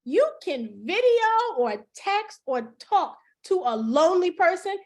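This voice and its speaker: A woman's voice: very high voice, sing-song, a little slow. A woman hosting a casual livestream chat, laughing often and calling her viewers y'all. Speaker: host.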